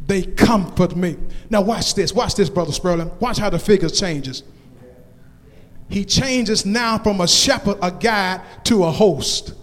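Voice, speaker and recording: A man preaching a sermon in call-and-response style, stretching out words and breaking into shouts. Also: high-pitched, unhurried. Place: church sanctuary. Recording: long reverb of a church hall.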